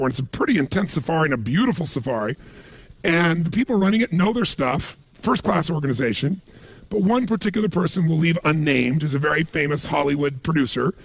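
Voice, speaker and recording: Man as motivational speaker, high husky voice, animated storyteller. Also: no echo. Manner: animated storytelling with emphatic asides. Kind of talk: motivational seminar talk.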